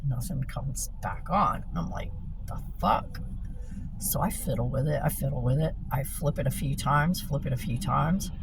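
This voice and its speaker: A woman's voice: extremely low pitch, normal speed, creaky, hardly any pauses. A woman casually telling a story to camera, swearing freely and laughing as she goes. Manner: profane, animated storytelling with laughs. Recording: far from mic, loud traffic noise outside.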